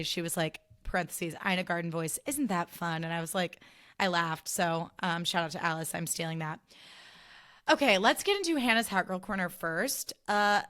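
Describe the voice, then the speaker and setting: A woman's voice: fairly low pitch, fairly bright tone. A woman hosting a casual solo podcast, chatting in a loose, filler-heavy way with sarcastic asides. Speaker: podcast host.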